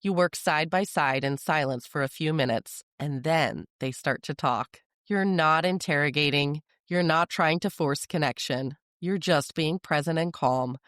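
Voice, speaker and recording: Parenting podcast host reading a script, calm and steady, dry close sound, mid-pitched. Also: dry recording. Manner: calm, measured, steady delivery.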